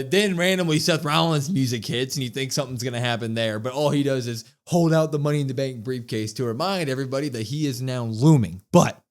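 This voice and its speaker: A man co-hosting a podcast, recapping wrestling in a casual, excitable way and acting out quotes with emphasis. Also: a little high. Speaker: podcast co-host.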